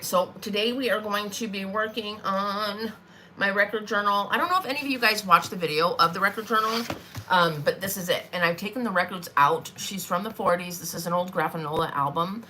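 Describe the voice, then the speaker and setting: A woman's voice: mid-range voice, brisk, bright, forceful tone, slight background noise. A woman in her forties chatting in a rambling way with lots of fillers as she hosts a live craft stream from her desk. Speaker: craft vlogger.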